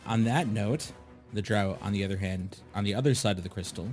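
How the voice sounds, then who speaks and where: A man narrating a tabletop game as game master, describing the scene slowly and addressing the players. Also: on the low side, darkish tone, soft background music. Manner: slow, descriptive narration with asides.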